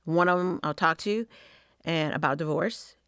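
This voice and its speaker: A middle-aged woman hosts her podcast and tells a personal story in a blunt, profane, conversational way. Her voice sits on the low side and is recorded close and dry, with no room sound. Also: fairly bright tone, clean tone, no echo. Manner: frank and profane, with quick asides. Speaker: podcast host.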